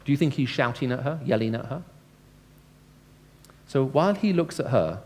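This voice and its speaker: This Christian speaker has a mid-range, darkish voice with lively intonation and a moderate pace. Addressing a live audience in an evangelistic lecture, he keeps things conversational, poses questions to listeners, and voices dialogue in changing tones.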